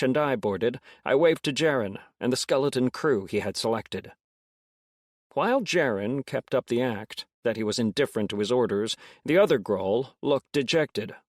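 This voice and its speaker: A man narrates a first-person science fiction audiobook at a steady, measured pace. His voice sits mid-pitch and sounds dry and close, with no room sound. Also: no room sound.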